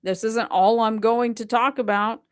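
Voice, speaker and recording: A woman's voice: a little high, steady tone, moderate pace, clear, resonant tone. A woman hosting a casual reaction commentary, talking bluntly and defiantly with plenty of swearing. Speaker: host.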